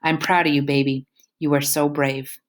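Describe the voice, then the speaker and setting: Tender, proud mother, read by a woman, low and warm-spoken. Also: level tone, moderate pace, lightly acted. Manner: tender, encouraging.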